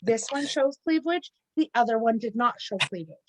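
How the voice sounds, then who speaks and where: A woman's voice: a little high, lively intonation, normal speed, noisy background. A woman giving a live mediumship reading, blunt and lecturing, with casual swearing.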